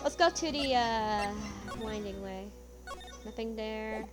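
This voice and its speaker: A woman's voice: fairly high pitch, slow pace. A woman playing through a game and reading its dialogue aloud in a dramatic, self-aware way, over game music. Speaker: let's play gamer.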